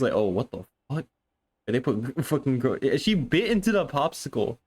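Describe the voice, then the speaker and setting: A young man chatting casually on a live stream, excitable and rambling, swearing often and restarting his sentences. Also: mid-range voice, moderate pace.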